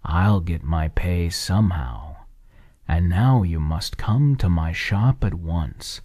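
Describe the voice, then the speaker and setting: A man plays a deep-voiced, sly frog tailor in a hushed whispered role-play. He coaxes slowly in a dark, husky tone, very close and dry. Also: animated, no room sound, heavily acted. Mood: coaxing. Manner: coaxing, slow and drawn out. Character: big-mouthed male frog tailor, sly and jolly.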